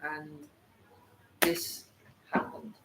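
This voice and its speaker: A host in casual chat, speaking softly and hesitantly with fillers. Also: extremely slow. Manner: soft, hesitant interjections. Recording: echoey room with faint background noise.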